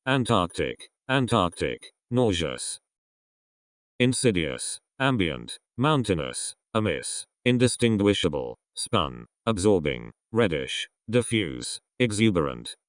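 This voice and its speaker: Deep-voiced guy slowly reading vocab words one by one, lots of ups and downs, dry sound. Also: dry recording. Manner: reads isolated words with falling list intonation. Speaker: vocabulary reader. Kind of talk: reading an English word list.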